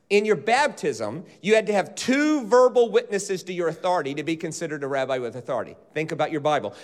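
A man preaching a sermon, teaching with animated delivery and leading the congregation in call-and-response. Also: a little high. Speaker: pastor. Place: church auditorium.

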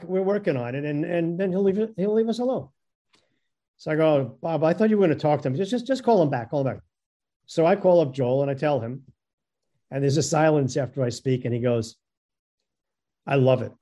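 A man recounts an old work story, tripping over his words and doubling them as he mimics the people involved. His voice sits a little high but sounds mellow and dark in tone. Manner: stammering, repeats words, acts out quoted voices. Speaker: guest storyteller. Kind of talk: casual anecdote telling.

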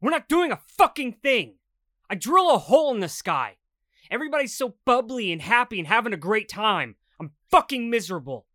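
A man's voice: very high-pitched, sing-song, a little fast, pushed and bright, dry recording, studio quality, voice pushed up, heavily acted. A man voicing a furious, miserable young airman who rants bitterly in an audiobook. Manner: angry ranting, swearing. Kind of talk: audiobook dialogue.

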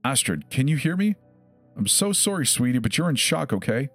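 A man's voice: mid-range voice, sing-song, moderate pace, slightly rough, soft background music, pitched above the performer's own voice. A man voicing a frightened woman medic who talks urgently and soothingly to a victim in a scary story. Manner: urgent, coaxing.

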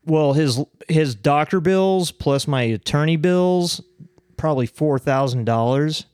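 A man's voice: a little high, measured pace, darkish tone, clear, resonant tone, no echo, studio quality. A man co-hosting a casual chat over beers, rambling and laughing at himself as he acts out angry voices in his stories. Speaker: podcast co-host.

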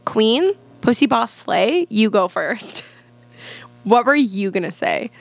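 A woman's voice: on the high side, animated, slow pace, creaky. A woman co-hosting a podcast, chatting casually with crude, sarcastic banter and swearing. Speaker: podcast co-host. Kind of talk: casual chat.

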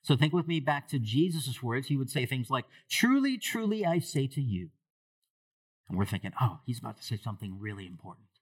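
A man preaching a sermon as pastor to a church congregation, asking them questions and moving between hushed low lines and raised loud ones. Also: fast, husky.

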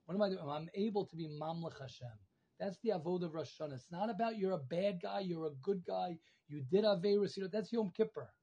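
A rabbi teaches over a video call in a high, husky voice with a mellow tone. He repeats phrases and grows louder and higher as he pleads his point. The call audio sounds dull and lo-fi. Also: quick pace. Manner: emphatic, repeats phrases, rises in pitch and volume when pleading. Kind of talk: Torah class on a video call.

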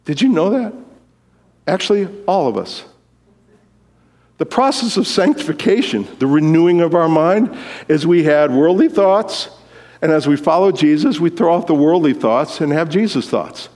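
Animated pastor in a reverberant hall. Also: male voice, moderate pace. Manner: animated, swings from loud exclamations to quiet, low asides. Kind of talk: sermon.

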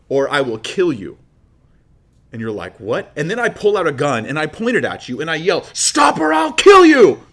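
A man of middle pitch teaches on faith in a lively, animated way. He acts out dramatic scenes and keeps turning to his audience with rhetorical questions. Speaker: Christian teacher. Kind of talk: apologetics teaching talk.

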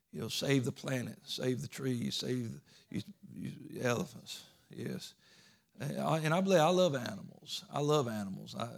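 Georgia Southern preacher with folksy delivery. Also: male voice, a little high, fairly bright tone. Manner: folksy, earnest, repeats words. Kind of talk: sermon.

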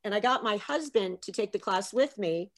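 A middle-aged woman tells funny stories as a guest in a relaxed conversation. She is animated and jokey, often laughing between her lines. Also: medium pitch, normal speed. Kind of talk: comic storytelling in casual chat.

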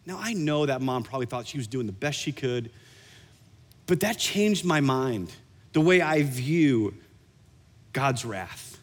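A man preaching a sermon, telling a personal story in an animated way and slowing down for emphasis. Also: medium pitch. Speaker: pastor. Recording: reverberant hall.

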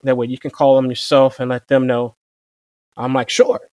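A young man who served as a Marine, telling his story in a relaxed, conversational way and quoting people with "I'm like.". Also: mid-range voice, normal speed, smooth, dry recording, clean studio sound. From Virginia. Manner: relaxed, repeats "I'm like" to quote himself. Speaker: interview guest, former Marine machine gunner.

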